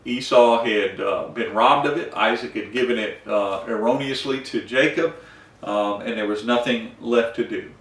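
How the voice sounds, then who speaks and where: A man teaching a Bible study, retelling scripture in a folksy, animated way, acting out the dialogue with many fillers. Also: on the low side, moderate pace, reverberant, recorded from a distance.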